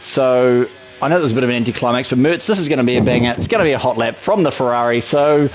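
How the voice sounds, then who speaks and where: A man commentating a sim race lap with excited, colloquial patter. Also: medium pitch, fast, slight background noise, low-quality recording. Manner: excitable, colloquial, talks through an onboard lap. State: a little out of breath. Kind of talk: energetic sim racing commentary.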